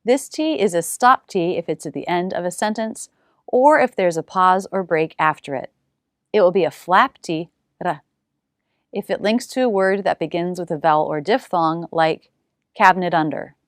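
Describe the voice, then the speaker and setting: A woman teaching English pronunciation, saying single sounds and words slowly with exaggerated care. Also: fairly low pitch, no echo, studio quality.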